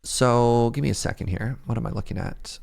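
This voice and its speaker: A man's voice: mid-range voice, a little fast, gravelly, a little mellow. A young man from Canada streaming a building game, chatting casually with viewers, thinking aloud and poking fun at himself. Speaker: Minecraft streamer. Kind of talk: casual gameplay chat with chat.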